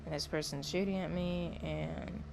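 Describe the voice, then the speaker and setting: A woman's voice: low-pitched, steady tone, moderate pace, creaky, noisy background. A woman casually narrating her own gameplay at home, rambling and chatty, often correcting herself.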